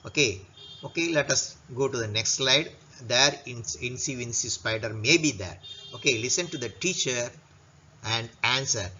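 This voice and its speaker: Man, teacher, slow and patient, repeats each word, bright tone. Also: medium pitch, breathy edge, muffled recording. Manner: slow, repeats words for children. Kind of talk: recorded class lesson. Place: classroom.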